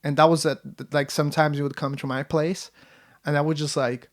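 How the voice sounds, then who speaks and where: A man's voice: on the high side, little pitch movement, fairly quick. A man hosting a casual podcast chat, swearing freely and acting out other people's reactions. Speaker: podcast host.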